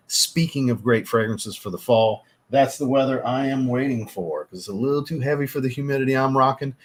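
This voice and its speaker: A male fragrance reviewer hosts a casual livestream, reading super chats, chatting with viewers and thanking them. He's laid-back and swears now and then. His voice is mid-range and husky.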